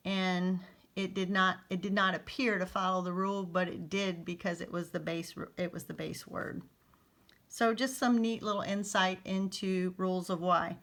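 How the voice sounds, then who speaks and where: A woman's voice: mid-range voice, a bit bright. A middle-aged woman teacher explaining a phonics lesson to parents in a chatty way, repeating key points and checking in with "okay?".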